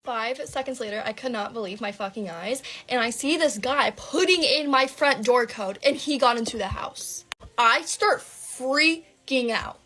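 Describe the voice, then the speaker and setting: A young adult woman vlogger telling a dramatic personal story, animated and breathless, with lots of fillers and swearing. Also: on the high side, measured pace.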